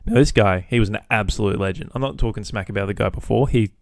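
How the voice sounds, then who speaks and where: Low-voiced man telling a work story. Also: quick pace, creaky, no echo, clean studio sound. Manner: animated, swearing, acts out both sides of phone calls. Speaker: podcast host. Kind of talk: casual storytelling.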